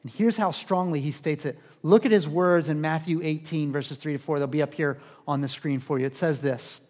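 A man preaching a sermon in a conversational way, asking rhetorical questions and swinging between loud and hushed. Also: fairly high pitch, steady tone, moderate pace. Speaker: pastor. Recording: long reverb of a large hall.

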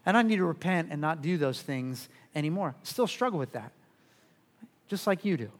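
A man's voice: a little high, lively intonation, moderate pace. A middle-aged man preaching a sermon as pastor, earnest, often stumbling over repeated words as he starts a sentence.

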